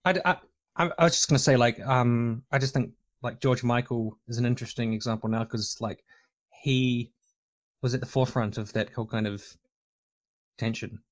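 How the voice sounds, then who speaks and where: A man's voice: mid-range voice, normal speed. A man talking casually on a discussion panel, rambling with lots of fillers and restarts.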